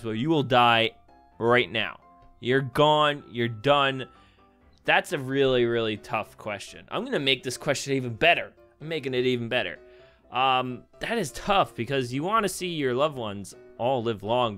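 Animated young man thinking aloud. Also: medium pitch. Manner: rambling, laughs often, thinks aloud. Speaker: gaming YouTuber. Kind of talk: casual commentary on a web quiz game. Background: faint background music.

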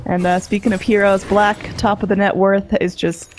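A woman casting a live video game match with relaxed, chatty play-by-play. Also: mid-range voice, moderate pace, slight background noise. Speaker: esports caster.

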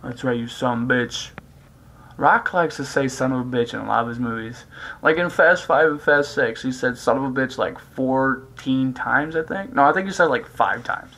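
A man's voice: medium pitch, normal speed, a bit bright, poor audio. A man rambling in a casual vlog, hyper and crude, joking around as he jumps between topics. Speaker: vlogger.

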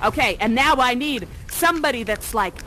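Woman performer, high and bright, bouncy melodic delivery, goofy and theatrical as she directs the audience. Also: expressive, a little fast, slight background noise, poor audio. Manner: playful, silly, theatrically dramatic. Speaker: immersive theatre actor. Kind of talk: interactive audience-guiding performance.

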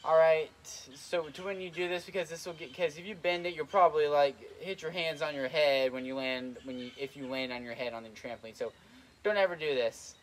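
A man's voice: fairly high pitch, brisk, slight background noise. Breathless young man rambling trampoline tips. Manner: rambling, lots of "like" and "kinda", repeats himself. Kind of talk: casual instructional vlog. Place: outdoors on a trampoline.

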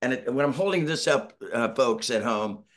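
A man's voice: mid-range voice, lively intonation, normal speed. Man, middle-aged, rambling storyteller, video call from home, acts out quotes. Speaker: band member, interview guest. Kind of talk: casual video-call interview. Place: home, Northern California.

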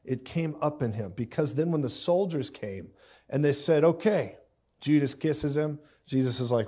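Animated man preaching a sermon. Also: on the high side, normal speed. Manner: animated storytelling, acts out voices with loud sound effects.

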